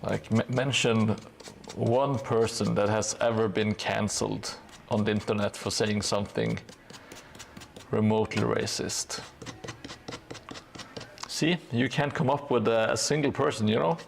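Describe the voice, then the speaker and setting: A man streaming while he paints, chatting casually in a halting way with dry, sarcastic jokes. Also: lowish voice, fairly even intonation, vocal fry, a little hiss or hum. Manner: halting, with many hesitations. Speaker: hobby streamer painting a gaming board.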